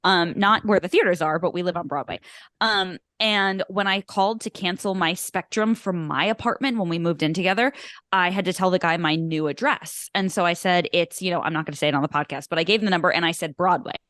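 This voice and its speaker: A young woman from Long Island co-hosting a podcast in casual chat, playful and teasing, telling animated stories. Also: on the low side, a little fast, no room sound, studio quality. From Long Island, New York. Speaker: podcast co-host.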